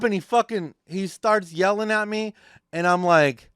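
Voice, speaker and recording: A man hosting a podcast, telling a story in animated, profane, casual talk and acting out the voices of people in it. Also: high voice, unhurried, smooth, no room sound, studio quality. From California. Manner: animated, swears constantly, acts out voices in his stories. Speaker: podcast host. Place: podcast studio.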